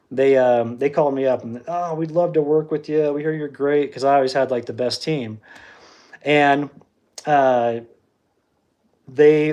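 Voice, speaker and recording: A man tells a long story on a livestream in a loose, conversational way. He acts out both sides of the exchanges as he goes and often restarts his sentences. His voice sits at an ordinary middle pitch for a man. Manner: animated, acts out quoted exchanges, frequent restarts. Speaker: livestream host. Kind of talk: casual storytelling monologue.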